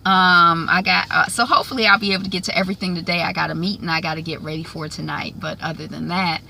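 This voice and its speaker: A woman's voice: on the low side, fast talker, gravelly, a little hiss or hum. A woman vlogger chatting casually and animatedly as she recaps a TV episode. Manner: chatty and animated, acts out the scenes.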